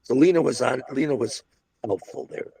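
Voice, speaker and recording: A man's voice: mid-range voice, normal speed, vocal fry, warm tone, slightly rough. An older man reminiscing casually about his restaurant days, a rambling storyteller full of restarts and asides. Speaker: interviewee recalling restaurant days.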